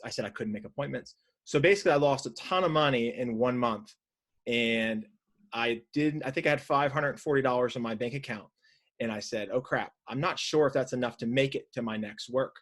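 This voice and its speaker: A man in his thirties from Northern Virginia, a podcast guest telling a story in a casual, animated way, with many restarts and acted-out quotes. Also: mid-range voice. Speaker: podcast guest, side hustle coach.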